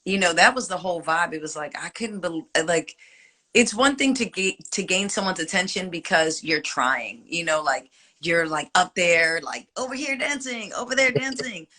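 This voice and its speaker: A woman's voice: lowish voice, normal speed, sharp tone. A woman in her forties, a singer, chatting reflectively in an interview with many fillers. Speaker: singer guest. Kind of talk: casual interview chat.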